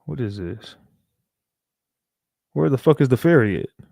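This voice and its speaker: A man's voice: medium pitch, expressive, measured pace, gravelly, warm tone, dry recording, clean studio sound. A man hosting a casual livestream, bantering loosely and reacting to his chat. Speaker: livestream host.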